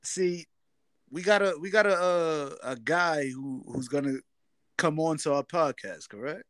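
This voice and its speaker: Pitched on the high side and a touch bright, this man talks a little slowly as he co-hosts a podcast. His casual, slangy stories come with acted-out quotes, captured dry on a remote setup.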